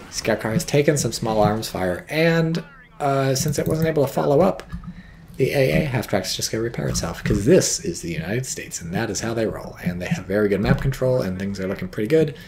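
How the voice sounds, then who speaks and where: Male streamer commentator, casual and wry with a bit of profanity, average pitch. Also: darkish tone, a little hiss or hum. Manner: wry, offhand, swears casually.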